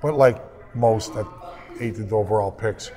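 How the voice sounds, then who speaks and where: A man's voice: fairly low pitch, measured pace, noisy background. A man in his fifties, a guest telling emotional stories in an interview. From Canada. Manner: emotional, lively storyteller. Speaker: guest, hockey analyst. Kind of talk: storytelling interview.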